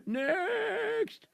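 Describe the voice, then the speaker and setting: A man's voice: very high voice, creaky, no echo, voice pushed up, heavily acted. A man voicing a jolly male court doctor who laughs at his own jokes and brushes patients off.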